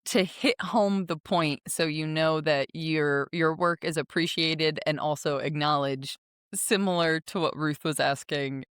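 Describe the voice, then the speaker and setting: A woman's voice: low-pitched, fairly even intonation, a little slow, clean tone, no echo, clean studio sound. A woman hosting a podcast, talking in a chatty, rambling way and laughing easily. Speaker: podcast host. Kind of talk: casual interview chat.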